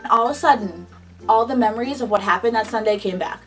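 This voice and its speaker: A young woman vlogger telling a first-job story in casual, animated chat, with lots of "like" between phrases. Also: fairly high pitch, fast talker, recorded from a distance, faint music behind. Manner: chatty and animated, heavy on "like".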